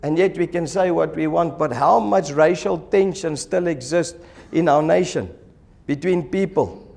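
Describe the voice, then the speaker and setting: A male pastor preaches in church, animated and lively as he acts out the people in his stories. His voice sits on the higher side for a man. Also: a little slow, creaky. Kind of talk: sermon.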